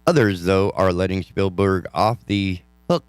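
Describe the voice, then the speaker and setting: A man's voice: deep voice, measured pace, clean tone, no echo. A man hosting a talk show, reading news stories and adding sarcastic, ranting asides. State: yawning, tired. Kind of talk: casual news commentary.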